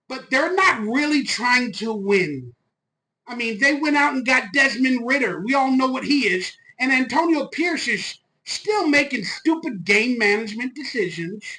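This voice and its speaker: A man hosting a fan channel, ranting loud, fired-up and profane on a live stream into a phone. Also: very high voice, poor audio.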